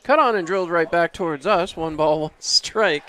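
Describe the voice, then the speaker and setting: A man's voice: a little high, moderate pace, bright, forceful tone, faint music behind. A man calling baseball play-by-play from an outdoor ballpark booth, easygoing and chuckling, his voice rising sharply on big hits. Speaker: play-by-play announcer.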